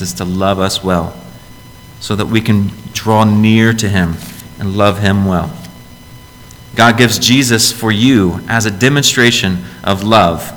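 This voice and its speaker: A man's voice: on the low side, a bit bright, in a large hall, a little hiss or hum, poor audio. A man preaching a sermon as a pastor, earnest and direct, often putting questions to his listeners.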